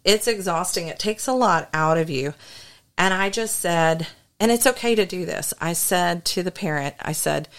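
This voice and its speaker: A woman's voice: lowish voice, normal speed. A woman co-hosting a podcast, earnestly telling a ministry story in a casual, story-driven way. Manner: earnest, story-driven, with frequent restarts and fillers. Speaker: podcast co-host and deliverance minister.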